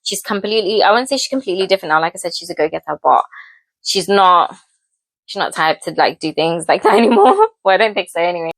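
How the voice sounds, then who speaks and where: A chatty young woman telling stories while she cooks in her home kitchen, her voice a little low and full of giggles and fillers. The sound is close and dry, with no room around it. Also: big pitch swings, fast talker, fairly bright tone, no echo. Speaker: vlogger. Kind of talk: casual storytelling while cooking.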